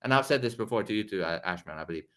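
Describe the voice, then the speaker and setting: A man's voice: lowish voice, lively intonation, racing, fairly bright tone. A man with a foreign accent hosting a live reaction stream, rambling and swearing, often restarting his words. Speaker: show host.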